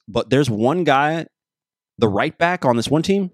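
A man's voice: mid-range voice, expressive, unhurried, dry recording, clean studio sound. A man hosting his podcast alone, rambling casually, joking and losing his train of thought. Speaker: podcast host. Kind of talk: casual solo podcast monologue.

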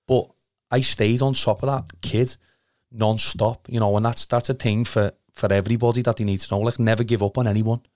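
A man's voice: on the low side, little pitch movement, brisk, darkish tone, no echo, clean studio sound. A young man with a Liverpool accent telling an emotional story in casual chat, rambling, earnest and swearing a lot. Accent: Liverpool (Scouse). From Liverpool, England.

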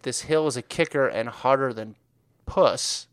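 A man's voice: medium pitch, measured pace, smooth, no room sound. Dry-humored man reading listener emails. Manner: dry, joking asides while reading. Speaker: podcast co-host. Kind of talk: casual podcast chat, reading listener emails.

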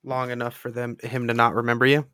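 A man's voice: mid-range voice, completely flat delivery, fast talker, sharp tone, smooth, no echo, studio quality. A man listening in casual conversation, chiming in with short reactions. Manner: brief reactive interjections. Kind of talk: casual chat.

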